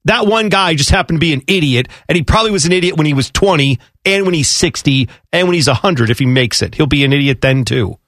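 A man's voice: fairly high pitch, lively intonation, fast, hardly any pauses, a bit bright, no room sound. A male radio co-host chiming in with agreeable, conversational reactions in a studio. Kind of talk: conversational talk radio banter.

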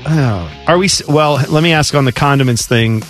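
A man's voice: mid-range voice, normal speed, fairly bright tone, soft background music. A man co-hosting a radio show, laughing often and weighing questions with chatty asides. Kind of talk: casual sports-radio banter.

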